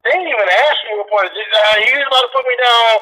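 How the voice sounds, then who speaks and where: A man's voice: very high-pitched, fairly even intonation, very fast, pushed and bright, poor audio. A man in a casual, profane political chat, talking bluntly and swearing constantly as he rants.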